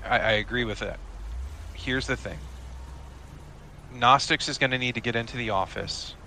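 A man's voice: mid-range voice, moderate pace, bright, forceful tone, a little hiss or hum. A man running a tabletop game, laying out plans in a directive way with frequent restarts. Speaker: game master. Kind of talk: tabletop role-play chat.

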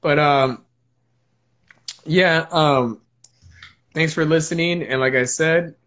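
A man's voice: fairly high pitch, slow, a bit bright. A young man co-hosting a podcast, swearing and laughing his way through loose banter. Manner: loose, profane, laughing, puts on silly voices. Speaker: podcast co-host.

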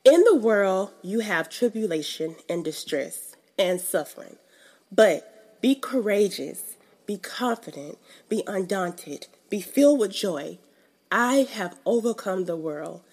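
A woman's voice: on the low side, a little mellow, breathy edge. A young woman giving a casual, emphatic devotional teaching in a conversational, colloquial way. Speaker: faith teacher.

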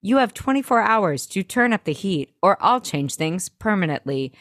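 Animated woman gushing in casual chat. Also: medium pitch, moderate pace, dry recording, clean studio sound. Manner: animated, gushing, playful impressions. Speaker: podcast co-host. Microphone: video call mic.

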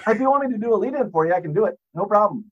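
Podcast guest: man, announcer-style delivery, jokey and crude, swinging pitch, muffled lo-fi sound. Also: animated, racing, fairly bright tone. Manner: joking, self-mocking, profane. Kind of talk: casual podcast chat.

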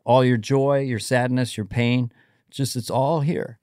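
A man's voice: mid-range voice, steady tone, a little slow, a little mellow, no room sound, studio quality. A middle-aged man, a comedian guest in casual podcast chat, musing and giving advice in a wandering way.

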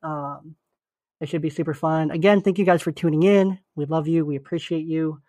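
A man's voice: fairly high pitch, steady tone, normal speed, warm tone, no room sound. Earnest young man, dry close voice. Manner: earnest, encouraging, loose and chatty. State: sick with flu. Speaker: podcast co-host. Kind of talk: casual podcast chat.

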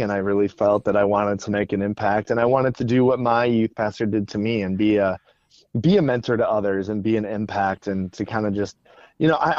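A man's voice: fairly low pitch, darkish tone, no echo. A man who is a guest on a podcast, telling stories in an earnest way and often repeating words, on a dull lo-fi recording. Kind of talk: casual podcast interview.

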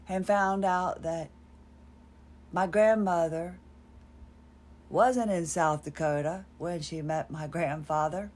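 A woman's voice: fairly low pitch, a little mellow. A woman, telling a rambling personal story on her podcast in a wry, self-deprecating way. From North Carolina, USA. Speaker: podcast host.

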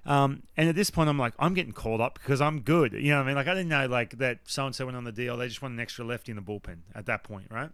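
Australian former pitcher telling a story. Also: male voice, fast talker, few pauses, clear, resonant tone, dry recording. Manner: animated, acts out his past thoughts in quotes, laughs often. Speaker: former baseball pitcher, guest. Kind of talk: animated storytelling in a podcast interview.

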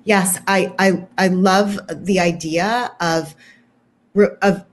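A woman, a clinical psychologist guest on a podcast, explaining in a gentle, measured way and repeating key phrases for emphasis. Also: on the low side, steady tone, slight background noise. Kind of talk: podcast interview.

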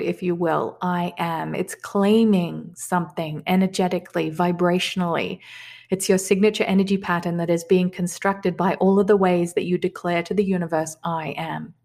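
A woman who teaches manifestation, leading listeners through affirmations and repeating them slowly and calmly. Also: lowish voice. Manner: calm, slow repeated affirmations. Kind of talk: guided affirmation lesson.

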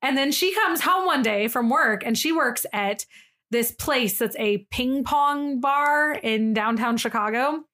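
A young woman co-hosting a podcast, telling a story in casual chat, animated, laughing often and acting out the people in it. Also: high voice, a little slow. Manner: animated, laughing, acts out quoted voices. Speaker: podcast co-host.

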